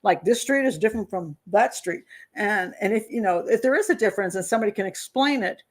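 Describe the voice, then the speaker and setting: A woman's voice: medium pitch, animated, quick pace. An older woman, a criminal profiler hosting a live show, chatting casually as she reads viewer comments, rambling with lots of fillers and little laughs. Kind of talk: casual live-stream commentary reading chat.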